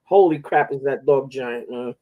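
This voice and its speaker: With a medium-pitched voice at a moderate pace, a man hosts a casual talk show, telling long, rambling, profane stories. The sound is phone-quality.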